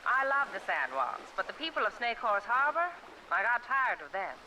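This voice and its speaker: An actress voicing a reclusive widowed woman in a point-and-click mystery game, speaking in a confiding, measured way. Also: a little high, sing-song, background noise.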